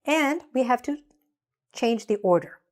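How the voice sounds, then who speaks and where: Female English teacher, unhurried, patient, drilling grammar by repetition. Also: a little high, lively intonation, a little mellow. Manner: slow, deliberate, drills with repetition. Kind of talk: grammar lesson.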